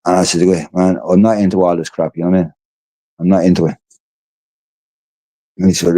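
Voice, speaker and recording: A man's voice: sits low, flat delivery, a little fast, long pauses, mellow. A tired Irish man chatting casually on a livestream, rambling and swearing freely. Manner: rambling and profane. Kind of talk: casual chat.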